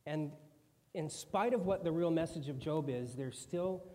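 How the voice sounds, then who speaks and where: A man's voice: a little high, unhurried, warm tone. A man preaching a sermon in a conversational way, now and then acting out quoted voices. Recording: long hall reverb.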